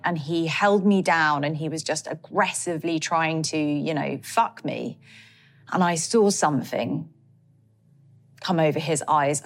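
Halting, low-voiced woman giving testimony. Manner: halting, emotional, many fillers. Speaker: interviewee recounting a personal account. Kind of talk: emotional testimony interview.

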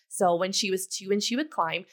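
A woman in a casual podcast conversation, calmly telling a story about teaching her daughter. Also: medium pitch, moderate pace. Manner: reflective, storytelling with examples. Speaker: co-host. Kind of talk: casual parenting podcast chat.

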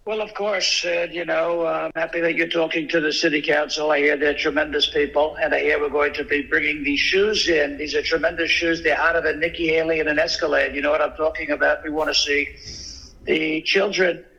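A braggy, rambling presidential impression, heaped with superlatives, as a man puts it on. The voice sits a touch high and stays oddly flat in pitch. Its tone is bright and edgy, with a husky rasp underneath. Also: a little fast, lo-fi sound, full character voice. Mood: boastful. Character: impression of a boastful male former president.

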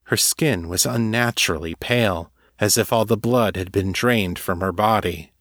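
A man narrating serial fiction in a measured, even reading. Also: on the low side, no echo, clean studio sound.

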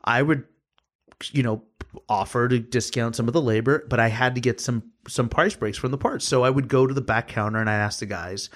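A man's voice: medium pitch, a little fast. A man casually telling a story about his work as a service advisor, acting out the dialogue with lots of energy. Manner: animated, acts out quoted dialogue, swears casually. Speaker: podcast guest, former service advisor.

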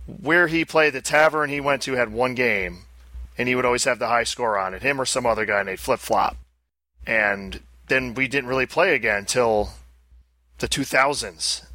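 A man's voice: mid-range voice, pushed and bright, no room sound. A man co-hosting a podcast in casual chat, teasing and wry.

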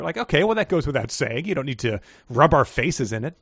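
A man's voice: mid-range voice, sing-song, brisk, fairly bright tone, breathy edge, no room sound. Dry-voiced joking male co-host. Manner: wry, joking, chatty. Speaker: podcast co-host. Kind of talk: casual book discussion.

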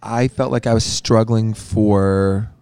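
A man's voice: on the low side, steady tone, takes it slowly, gravelly, a little mellow, smooth, no echo. Man, podcast guest, casual backstage chat, rambling with fillers, dry close sound. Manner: rambling, many fillers and restarts. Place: backstage at a concert venue.

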